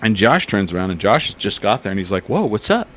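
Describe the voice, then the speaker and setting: Profane storytelling man, low voice. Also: quick pace, slight background noise. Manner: profane, animated storyteller acting out bar fights. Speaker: podcast host. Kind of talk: casual storytelling chat.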